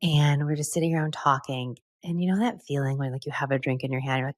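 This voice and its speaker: A middle-aged American woman with a low, deep voice tells her own story candidly, pausing to reflect. She is recorded close and dry, with no room sound. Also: no echo. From United States. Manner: candid, reflective, laughs often. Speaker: podcast host. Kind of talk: personal storytelling.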